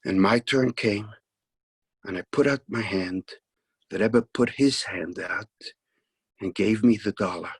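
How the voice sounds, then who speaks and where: A man tells a story in a slow, unhurried way, his voice a little husky and set fairly low. He acts out each character's lines and sinks toward a hushed whisper when the story turns tender. The sound is dry and close. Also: no echo. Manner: unhurried, reenacts dialogue, drops to near whisper at tender moments. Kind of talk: spoken storytelling.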